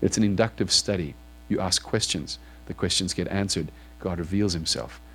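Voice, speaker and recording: Low-pitched and fairly bright in tone, this pastor speaks at a moderate pace as he preaches a sermon in church. He reads passages of scripture aloud to the congregation and follows them with searching questions.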